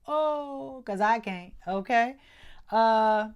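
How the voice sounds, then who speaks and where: A woman's voice: fairly high pitch, drawn-out words, clear, resonant tone, lo-fi sound. A woman with speech giving a casual, chatty monthly tarot reading as host, full of slang and frequent "okay?" check-ins. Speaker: tarot reader.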